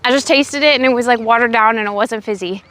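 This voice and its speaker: A young woman from Oregon chatting with her live chat while out in a windy park. She says she is sick and low on energy, but she keeps talking with a sassy edge. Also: fast, pushed and bright. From Oregon, USA. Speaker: livestreamer. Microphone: phone on a selfie stick.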